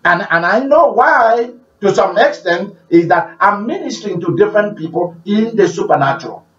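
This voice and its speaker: A man preaching a sermon, repeating phrases and swinging between loud declarations and hushed prayer. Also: high-pitched, lively intonation, moderate pace. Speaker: pastor. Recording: roomy, distant, dull-sounding recording.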